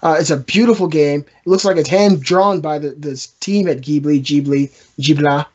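A man's voice: fairly high pitch, moderate pace, dull audio. A man hosting a casual gaming podcast, rambling and joking with his co-hosts. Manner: rambling, joking, trash-talking. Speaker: podcast host.

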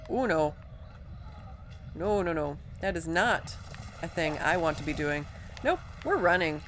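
Woman let's-play host, lowish voice, talking through her game in a chatty, self-mocking way. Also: expressive, measured pace, a bit bright, a little hiss or hum. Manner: chatty, self-deprecating, thinks aloud. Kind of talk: casual gameplay commentary.

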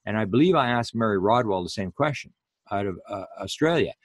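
A man's voice: fairly low pitch, expressive, fairly quick, no echo. A man giving a public lecture in a rambling way, full of fillers and restarts.

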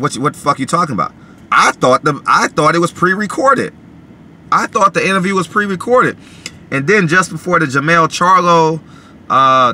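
A man vlogging casually from his parked car, animated and full of filler phrases like "you know what I mean". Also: a little high, a little hiss or hum. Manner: animated, many filler phrases, repeats himself. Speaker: boxing vlogger. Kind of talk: casual talk to camera.

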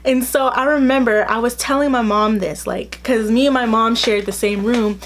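Young woman vlogger, slightly high voice, chatty storytime, acts out quotes. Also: normal speed. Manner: chatty, fills speech with "like". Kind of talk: casual storytime.

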